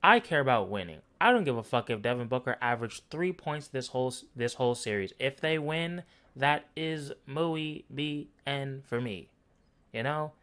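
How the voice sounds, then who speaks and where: A man's voice: mid-range voice, expressive, moderate pace, a bit bright. Profane, sarcastic man ranting. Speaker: basketball commentary vlogger. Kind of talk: profane ranting game analysis.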